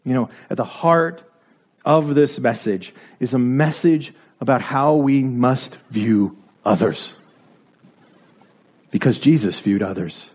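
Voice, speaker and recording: A man's voice: medium pitch, takes it slowly, darkish tone. A man preaching a sermon, driving his points home with repeated rhetorical questions and building to emphatic peaks.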